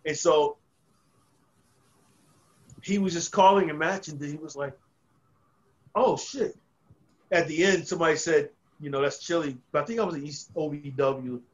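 Profane man telling stories, slightly high voice. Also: moderate pace, highs cut off. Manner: profane, rambling with frequent restarts. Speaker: podcast guest. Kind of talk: casual storytelling.

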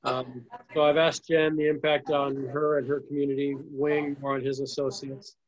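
A man's voice: mid-range voice, little pitch movement, normal speed, muffled recording. A man hosting an interview, friendly and encouraging, asking long questions. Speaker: podcast host. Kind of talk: interview conversation.

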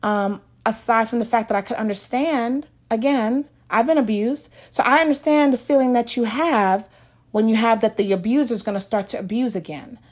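A woman with a slightly high voice tells a personal faith testimony to her viewers. She talks in an earnest, emotional way, restarting her sentences and sounding close to tears. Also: normal speed.

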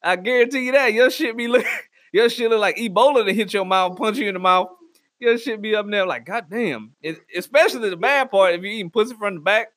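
A man with a high-pitched voice delivers a profane comedic rant, talking bluntly and crudely to his listeners as if handing out advice. The sound is dry and close, with no room echo. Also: fast, a bit bright. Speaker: comedic ranter.

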